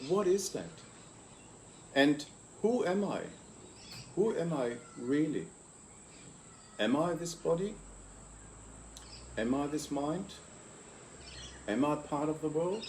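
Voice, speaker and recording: A man of ordinary pitch speaking in a calm, reflective way. He walks through his ideas patiently, one step at a time. He asks rhetorical questions and answers them himself. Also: slight background noise. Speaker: host and consciousness coach. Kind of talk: reflective interview talk.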